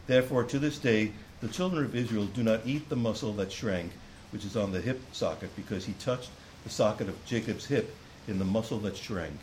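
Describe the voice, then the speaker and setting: A man's voice: fairly low pitch, a little fast, darkish tone, slight background noise, poor audio. A man preaching a sermon to a congregation, reading scripture aloud and explaining it with earnest restarts. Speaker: pastor.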